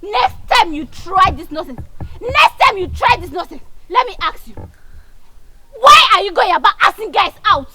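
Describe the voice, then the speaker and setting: Brief: a feisty young Nigerian woman, very high, lively voice, over loud background noise. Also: moderate pace. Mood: confrontational. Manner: confrontational, shouting back. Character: sharp-tongued young village woman. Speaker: friend. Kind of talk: Nollywood film drama.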